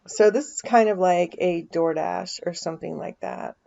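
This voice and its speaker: A woman's voice: lowish voice, normal speed, gravelly, mellow, lo-fi sound. A woman vlogger, chatting casually as she walks through a search on her screen, thinking aloud with dry asides. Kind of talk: casual screen-share walkthrough.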